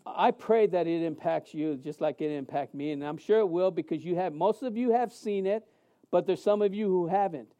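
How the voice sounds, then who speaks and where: Man, pastor, fifties, high voice, mellow tone, conversational sermon, restarts, animated quotes. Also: moderate pace, muffled recording.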